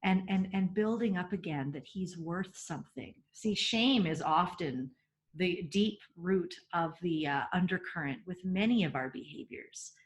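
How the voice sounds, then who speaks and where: A woman's voice: fairly low pitch, a little slow. A middle-aged woman hosting a parenting webinar, talking earnestly and emphatically, laughing often and repeating words as she goes.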